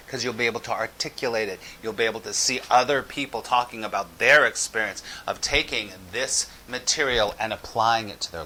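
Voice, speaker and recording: Man with a bright voice, teaching. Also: lowish voice, slight background noise, poor audio. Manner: earnest, slow deliberate emphasis; soft, drawn-out reading aloud. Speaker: spiritual teacher. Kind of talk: spiritual teaching video.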